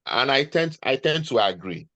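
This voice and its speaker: A man's voice: medium pitch, sing-song, normal speed, bright, forceful tone, dry recording, highs cut off. A man, speaking as an interview guest, earnestly giving advice and often restarting his sentences. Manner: earnest, advising, repeats himself mid-sentence. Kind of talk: conversational interview.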